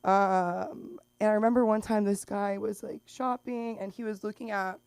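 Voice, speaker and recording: A young woman performing an open mic stand-up set, rambling through stories with lots of "like" and "um" and bursting into loud put-on voices for the people she describes. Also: mid-range voice, steady tone, normal speed, gravelly, clear, resonant tone, dry recording. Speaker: stand-up comic. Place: small comedy club stage.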